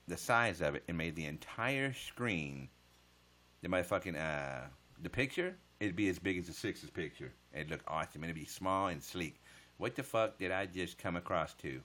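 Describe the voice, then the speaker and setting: A man's voice: deep voice, animated, moderate pace, bright, forceful tone. A man chatting casually on a livestream, answering viewer comments with profane smart-aleck jokes.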